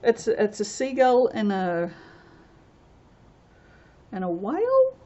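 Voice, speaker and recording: An Australian woman, host of a soap-making channel, chatting casually and rambling while she works, laughing often and breaking into sudden loud exclamations. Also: fairly high pitch, huge pitch swings, takes it slowly, highs cut off. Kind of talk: casual chat while working.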